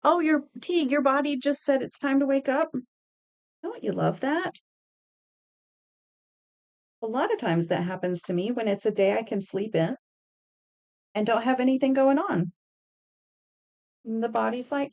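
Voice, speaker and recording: A woman's voice: fairly high pitch, normal speed, vocal fry, pauses often, a little mellow, muffled recording. A woman in her thirties chatting casually with viewers while making earrings on a live stream, telling stories and laughing. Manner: chatty, laughing, reading and answering chat. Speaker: craft streamer.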